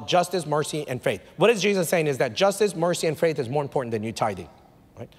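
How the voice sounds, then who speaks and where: Pastor preaching in a reverberant church hall. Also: male voice, fairly high pitch, animated, fast, slightly rough. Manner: conversational preaching, rising to emphatic bursts. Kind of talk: sermon. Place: church sanctuary.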